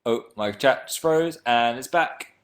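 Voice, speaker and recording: A young man with a slight northern English accent, chatting casually on a livestream and answering viewer comments in a playful way that jumps into silly high voices. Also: a little slow, fairly bright tone.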